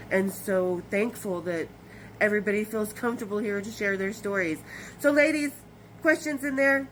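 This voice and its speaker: A woman's voice: mid-range voice, a little hiss or hum, rough recording. An older woman in her sixties hosting her own podcast, chatting loosely to her viewers, rambling and swearing now and then. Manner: chatty and rambling, with swearing and bursts of brighter energy. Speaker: podcast host. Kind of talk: casual direct-to-camera chat.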